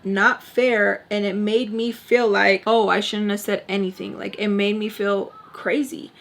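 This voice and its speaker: A young woman tells a personal storytime to her viewers while doing her makeup. She talks emphatically, with "like" in almost every sentence, and drops to murmured asides now and then. Her voice sits at a middling pitch. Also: flat delivery, a little slow, vocal fry. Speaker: storytime vlogger.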